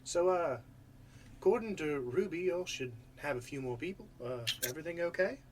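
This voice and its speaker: A man's voice: a little high, animated, moderate pace, background noise, voice pushed up, close to an everyday voice. A man voicing an old, friendly small-town mayor, trying for an Irish accent that slips. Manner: attempted Irish accent drifting to a folksy drawl.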